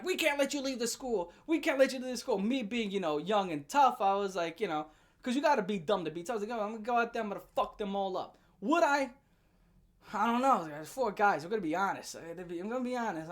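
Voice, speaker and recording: A woman telling a storytime rant as a vlogger, animated and profane, breaking into loud laughing shouts. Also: fairly low pitch.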